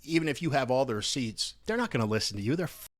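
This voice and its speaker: A man's voice: mid-range voice, very animated, quick pace. Sarcastic man ranting to camera. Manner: mocking, sarcastic, talks straight to viewers. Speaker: political commentary host. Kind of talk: casual opinion commentary to camera.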